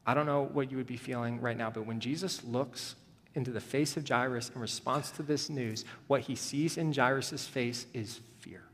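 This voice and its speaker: A male pastor preaching a sermon, moving between hushed, tender passages and rising, urgent emphasis. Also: mid-range voice, fairly even intonation, moderate pace, in a large hall.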